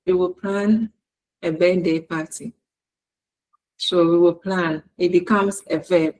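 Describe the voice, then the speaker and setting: A woman lecturer with a Ghanaian English accent, giving a recorded university lesson in a slow, deliberate way and repeating her examples word by word. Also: fairly low pitch, steady tone, a little mellow, poor audio.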